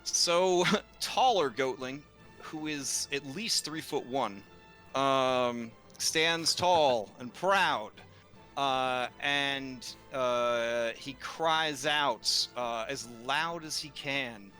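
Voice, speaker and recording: A man running a tabletop game, narrating at an unhurried, drawn-out pace. His voice is bright and clear, and he pauses often with hesitant fillers. Faint music plays underneath. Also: medium pitch. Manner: slow, rambling, with many fillers and laughs. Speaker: game master.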